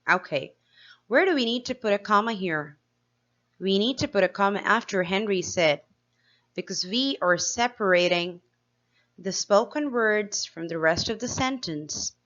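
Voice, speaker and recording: A woman teacher giving a slow, clear grammar lesson to young pupils, asking them questions as she explains each step. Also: medium pitch, lively intonation, a bit bright, lo-fi sound. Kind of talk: grade-school grammar lesson.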